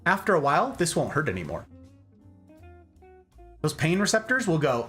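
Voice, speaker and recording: A man hosting a casual explanatory chat, jokey and animated, often checking in with "okay?". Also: fairly high pitch, normal speed, long pauses, soft background music. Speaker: host.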